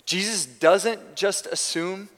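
A male pastor with a high-pitched, somewhat bright voice delivers a slow, conversational sermon in a church sanctuary. A long reverb tail trails his speech, and he keeps restarting his sentences.

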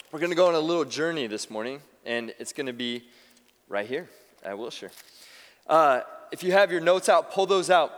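A man preaching a sermon as pastor, talking conversationally and telling stories with quick restarts. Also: a little high, in a large hall. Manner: conversational, animated storytelling with restarts. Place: church sanctuary.

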